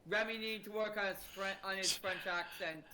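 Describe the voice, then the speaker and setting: Teasing, bright-voiced co-streamer. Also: mid-range voice, steady tone, fairly quick, slight background noise. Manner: teasing, jokey. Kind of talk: casual gaming chat.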